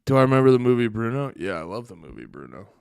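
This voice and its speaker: A man hosts a casual livestream, talking half to his viewers and half to himself. His voice carries a gravelly, creaky texture and sounds close and dry. He mutters irritably and lets curses slip under his breath. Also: medium pitch, very animated, fast, a little mellow, dry recording. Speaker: livestream host.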